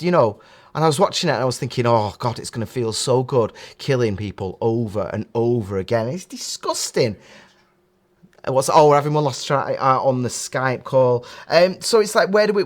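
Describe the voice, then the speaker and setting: A man hosting a live show, chatting casually and rambling with lots of self-interruptions. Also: fairly high pitch. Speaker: host.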